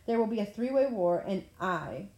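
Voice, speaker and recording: Woman reading a story out loud, warm dark voice, kinda roomy sound. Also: medium pitch, lively intonation, normal speed. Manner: plain storytelling, occasional stumbles. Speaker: audiobook reader. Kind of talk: reading a novel aloud. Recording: roomy echo.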